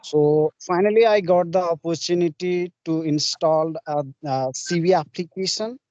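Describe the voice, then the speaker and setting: A man hosting an interview, speaking haltingly with many filler pauses and restarts. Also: a little high, darkish tone, no room sound. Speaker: host interviewer. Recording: dull, dry, lo-fi.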